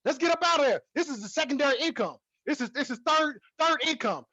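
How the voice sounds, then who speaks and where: A man teaching stock trading in a casual, excitable way, repeating himself and hyping up his viewers. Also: very high-pitched, fast talker, no echo, highs cut off. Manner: excitable, repetitive, hypes the viewer. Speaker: trading educator. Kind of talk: casual teaching talk to camera.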